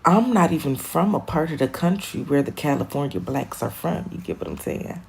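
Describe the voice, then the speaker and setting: A young woman from Michigan talks to her live-stream audience in a loose, rambling way, swearing freely and cracking herself up. Her voice sits low with a gravelly edge. Her pitch leaps and dips all over the place. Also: moderate pace. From Michigan, USA. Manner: rambling, animated and profane, laughing at her own jokes. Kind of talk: casual live-stream chat.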